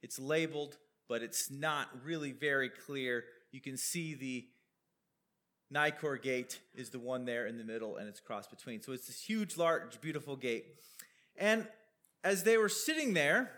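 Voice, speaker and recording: A man's voice: medium pitch, unhurried, bright, forceful tone. A man preaching a sermon, explaining a Bible passage over slides in a conversational way, with questions and asides.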